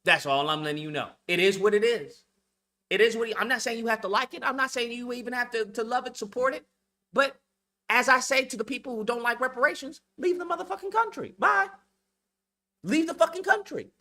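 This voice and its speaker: Man, high-pitched, bright edge; hosts a blunt, profane lecture-style rant. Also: brisk. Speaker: channel host. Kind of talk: heated monologue rant.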